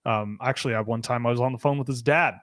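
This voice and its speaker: A man's voice: mid-range voice, fairly even intonation, quick pace, fairly bright tone, no echo. A man from Britain hosting a casual live stream, joking and laughing as he reads out chat questions. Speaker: podcast host.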